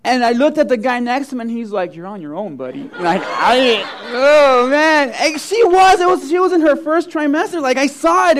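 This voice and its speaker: A middle-aged male pastor preaching a sermon, telling funny personal stories and acting out the quotes with big swings in voice. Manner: animated storyteller, acts out quotes with big swings of pitch and loudness.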